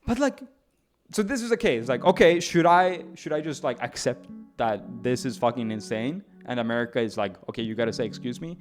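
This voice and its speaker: A man's voice: mid-range voice, brisk, faint music behind. Rambling slightly drunk male streamer. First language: not English. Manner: rambling, animated, frequent restarts and stammers. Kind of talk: casual storytelling to stream chat.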